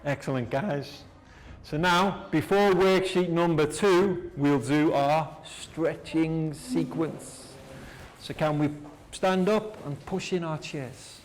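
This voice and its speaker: A man teaching a class, leading slow repeat-after-me drills in a clear, encouraging way. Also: a little high, slight background noise. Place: classroom with students.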